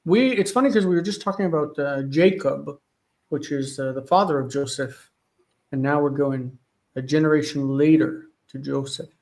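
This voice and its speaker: Guy teaching an online class at home, bit high voice, thinks out loud while checking stuff. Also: normal speed, rough recording. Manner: thinks aloud, checks references mid-sentence. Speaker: Hebrew teacher. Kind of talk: live online class, working through texts. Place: home studio with one light.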